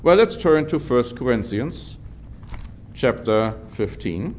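A man preaching a Bible-teaching sermon in a measured, emphatic way, drawing out key words for stress. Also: mid-range voice, very animated, a little mellow, a little hiss or hum.

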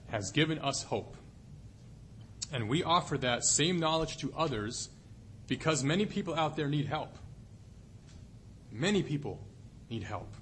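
Lively, conversational male preacher. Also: fairly high pitch, slight background noise. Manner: conversational, asks the audience questions. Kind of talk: sermon.

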